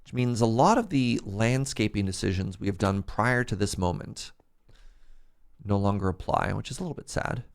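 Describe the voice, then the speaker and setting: A man's voice: lowish voice, animated, moderate pace, vocal fry. A man streaming a building game, chatting casually and thinking aloud as he builds. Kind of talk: casual livestream chat while playing.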